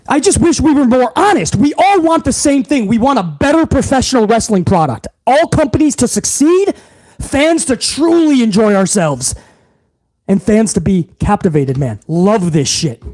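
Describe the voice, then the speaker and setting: A man's voice: very high voice, lively intonation, moderate pace, darkish tone. A man hosting a wrestling vlog, ranting in heated, profane commentary.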